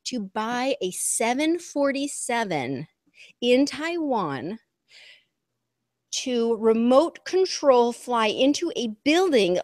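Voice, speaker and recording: Woman chatting on a talk stream, high lively voice, does little impressions of people, dry close mic. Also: no echo. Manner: animated, acts out voices of others mid-story. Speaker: talk show co-host. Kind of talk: casual conversation.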